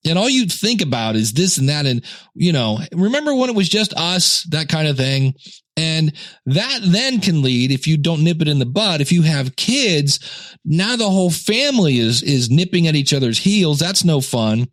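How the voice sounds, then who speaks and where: A man's voice: a little high, sing-song, normal speed, dry recording, studio quality. A middle-aged man hosting a podcast in casual talk, joking and acting out little scenes. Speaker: podcast host.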